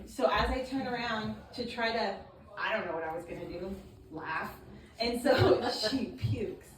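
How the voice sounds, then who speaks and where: A woman's voice: mid-range voice, a little slow. A woman doing a stand-up comedy set at an open mic, telling a crude story with lots of swearing. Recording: echoey room, far mic, noisy.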